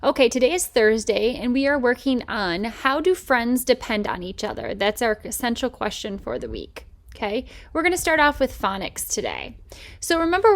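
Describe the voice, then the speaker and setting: A woman teacher giving a recorded reading lesson, patiently stretching out letter sounds and checking in with "okay?" and "right?". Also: a little high.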